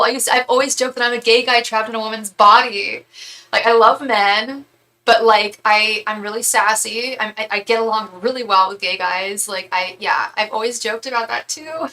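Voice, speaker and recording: On a rough recording, a young tarot reader and psychic runs a livestream, chatting and reading viewer comments in an effusive way full of fillers and false starts. She talks at a moderate pace with a steady, sharp, somewhat high voice.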